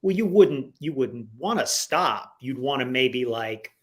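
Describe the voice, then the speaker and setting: A man as a guest in a casual interview, talking in an animated, rambling way full of "like"s, on a video call from home. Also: mid-range voice, measured pace. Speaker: guest comic writer.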